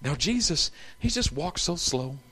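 Lively storytelling male preacher. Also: on the high side, unhurried, breathy edge. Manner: animated, humorous storytelling. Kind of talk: sermon.

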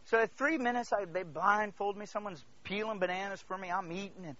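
A man preaching a sermon as a pastor, swinging from hushed near-whispers to loud exclamations and calling out to the congregation. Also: high-pitched, fairly quick. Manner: storytelling, calls out to the congregation. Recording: dull lo-fi recording.

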